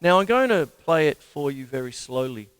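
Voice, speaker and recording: A man with an Australian accent giving a casual, jokey drum lesson and counting the stickings out loud. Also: on the high side, sing-song, moderate pace, clear, resonant tone, no echo. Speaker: drum teacher. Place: home drum studio. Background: loud drum kit playing.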